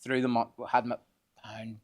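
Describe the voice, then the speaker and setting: A man's voice: medium pitch, moderate pace. Swearing storyteller man. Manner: swears freely, animated anecdotes. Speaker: podcast guest. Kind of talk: casual storytelling chat.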